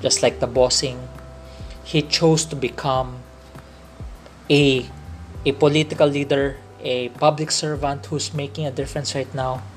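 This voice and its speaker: A man's voice: mid-range voice, flat delivery, unhurried, faint music behind. A man from the Philippines with a Filipino English accent, hosting a faith-based podcast in an earnest way, often repeating and restating his phrases. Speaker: podcast host.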